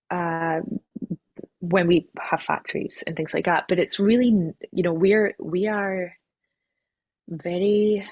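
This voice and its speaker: A woman's voice: lowish voice, husky, no room sound, low-quality recording. A woman, a company CEO, answering interview questions in a chatty, self-deprecating way, often laughing at herself and restarting sentences.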